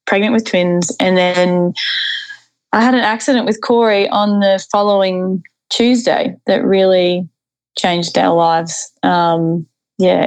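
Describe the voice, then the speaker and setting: A woman, telling a story in a relaxed, rambling way. Her voice sits at an ordinary middle pitch, and she fills her sentences with little asides and restarts. The recording is dry and close. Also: clear, resonant tone, no room sound, poor audio. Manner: chatty, rambling, many fillers and restarts. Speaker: interview guest. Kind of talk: casual storytelling.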